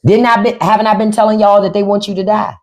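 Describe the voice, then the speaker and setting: A woman's voice: mid-range voice, little pitch movement, quick pace, a little mellow. A woman hosting a livestream, talking bluntly and profanely to her viewers, repeating lines for emphasis and turning sarcastic. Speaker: livestream host. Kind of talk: unscripted livestream commentary.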